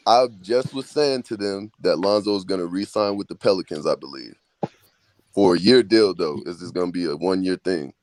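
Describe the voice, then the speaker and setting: A man with a very low voice co-hosting a sports podcast. He chimes in laid-back, and his voice is dry and close with no room sound. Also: moderate pace, a little mellow, dry recording. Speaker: co-host. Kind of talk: casual sports podcast chat.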